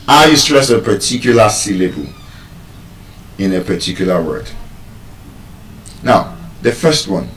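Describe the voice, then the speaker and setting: A man from Nigeria gives a slow, deliberate lesson on word stress, repeating his key points and putting questions to his listeners. He sounds set back from the microphone, and a roomy echo hangs on every phrase. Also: fairly low pitch, slight background noise. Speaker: public speaking instructor. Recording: roomy echo, speaker far from the mic.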